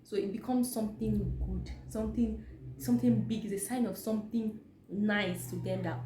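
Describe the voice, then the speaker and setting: A woman's voice: medium pitch, fairly even intonation, normal speed, noisy background. Chatty Nigerian woman vlogging in an echoey room. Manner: chatty, emphatic, leans on "like". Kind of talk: casual talk to camera. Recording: echoey room with faint background ambience.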